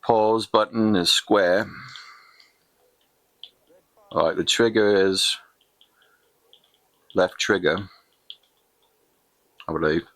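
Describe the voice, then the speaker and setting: A man's voice: low voice, very slow, pauses often, fairly bright tone, heavily acted. A man putting on an overdone mock English accent as a jolly old English bloke, tagging "innit" onto his lines while commenting on a game. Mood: chirpy. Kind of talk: gaming commentary in a put-on voice.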